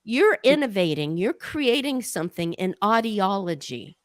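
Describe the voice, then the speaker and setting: An older woman hosts a casual interview, an eager and chatty storyteller. Her voice sits at an ordinary pitch and is recorded close and dry, with no room sound. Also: big pitch swings, moderate pace, no echo. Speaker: podcast host.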